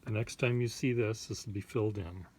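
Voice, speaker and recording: Give me a man with a lowish voice, rambling and hesitant as he chats while drawing at his desk, with faint pen scratching behind him. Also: fairly even intonation, brisk, a little mellow, slight background noise. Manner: rambling, hesitant, wry asides to viewer. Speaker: artist reviewing pens. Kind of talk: casual chat while drawing.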